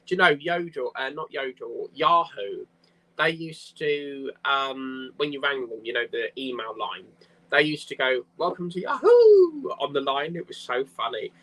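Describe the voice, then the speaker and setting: A man's voice: mid-range voice, measured pace, sharp tone, rough recording. A man hosting a casual craft live stream, chatting in a rambling way and reading viewer comments aloud.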